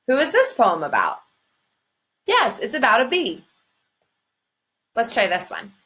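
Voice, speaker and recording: A woman teacher speaking slowly and clearly to first graders in a recorded lesson, sounding out words syllable by syllable. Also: on the high side, huge pitch swings, fairly bright tone.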